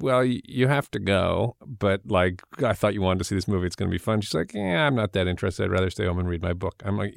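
A man telling a casual weekend story with a gravelly voice, often restarting his sentences. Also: deep voice, no room sound, studio quality. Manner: halting, repeats words as he starts. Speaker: podcast co-host.

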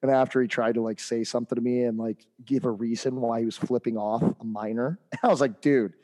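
A man's voice: medium pitch, steady tone, a little fast, mellow. A man co-hosting a hockey podcast, telling a heated coaching story in casual chat with lots of fillers and restarts.

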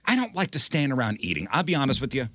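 A man's voice: mid-range voice, sing-song, fast talker, a bit bright. A male radio host in casual studio banter, dry and rambling, with a self-deprecating streak.

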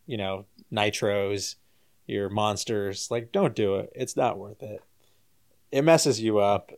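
A guest speaks slowly in a creaky voice while casually telling a story. He goes higher and louder when quoting people, laughs as he goes, and ends soft and low.

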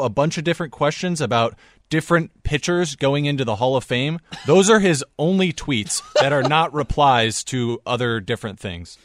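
A man on a radio show staff, chatting in the studio in a measured, matter-of-fact way. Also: fairly high pitch, dry recording. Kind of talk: casual sports radio banter.

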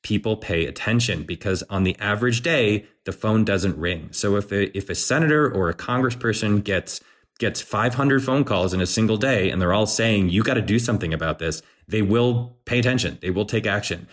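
Animated low-voiced male podcast guest. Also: normal speed. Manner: animated, does quoted voices, hesitant restarts. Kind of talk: political podcast conversation.

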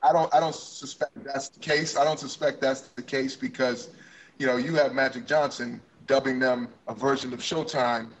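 A man's voice: mid-range voice, steady tone, normal speed, a little hiss or hum. A man co-hosting a basketball podcast, upbeat, talking in long run-on thoughts. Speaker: podcast co-host. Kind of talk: casual sports chat.

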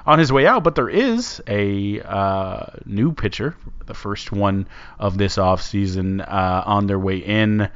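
A man with a fairly low voice hosts a casual sports talk show. His delivery rambles and halts as he works through his thoughts. The recording sounds dull and lo-fi. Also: lively intonation, slow pace, clear, resonant tone. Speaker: sports podcast host.

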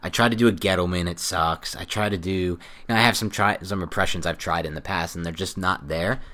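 A man with a low-pitched, nasal voice and a sharp tone talks fairly quickly as co-host of a sports podcast. He chats casually, explains things at length and laughs teasingly.

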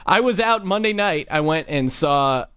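High-voiced young man hosting a chat show. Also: lively intonation, normal speed, a bit bright. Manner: storytelling, laughing often. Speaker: host. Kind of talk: casual chat. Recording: dull lo-fi sound.

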